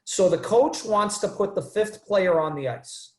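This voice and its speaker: A man's voice: sits high, animated, measured pace. A man moderating a casual panel discussion over a video call, hesitant, with many restarts, acting out quotes as he retells a scene. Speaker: webinar moderator. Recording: echoey room sound.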